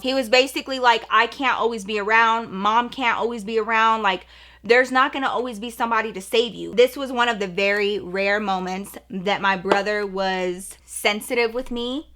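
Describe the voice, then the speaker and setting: Bright-voiced young woman telling a story. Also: on the high side, normal speed. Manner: chatty, many "like" fillers, acts out quoted lines. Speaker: storytime vlogger. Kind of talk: casual storytelling.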